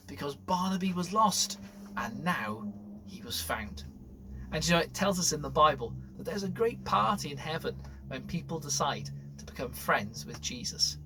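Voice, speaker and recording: A man presenting a school assembly, telling a story to children in an animated way that drops to whispers. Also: fairly high pitch, breathy edge.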